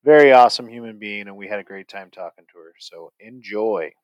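A man hosting a podcast in casual chat, animated and rambling, often laughing. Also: fairly low pitch, a little fast, no room sound, lo-fi sound. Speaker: podcast host.

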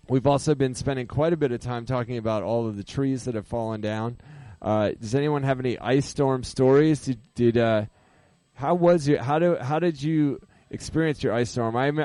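Rambling radio host, dry studio sound. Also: male voice, mid-range voice, darkish tone, clear, resonant tone, no echo. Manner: rambling, self-correcting, laughs at own jokes. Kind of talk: casual live radio chat. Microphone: studio microphone.

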